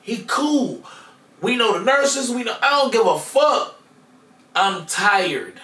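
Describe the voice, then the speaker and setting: A man on a podcast telling a personal story in a casual, profane way, going from loud to hushed. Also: very high voice, animated, slow. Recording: echoey room, mic far off, faint noise.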